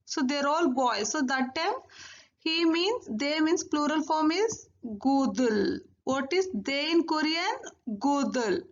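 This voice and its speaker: Woman teacher, high voice, unhurried drilling, dull lo-fi recording. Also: lively intonation. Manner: slow, repeats each word twice for drilling. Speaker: language teacher. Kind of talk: recorded language lesson.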